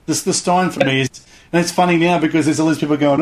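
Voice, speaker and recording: A man's voice: a little high, fairly even intonation, quick pace. A middle-aged man chatting casually in an interview, rambling enthusiastically and acting out little voices as he talks. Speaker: guest, hobby show host.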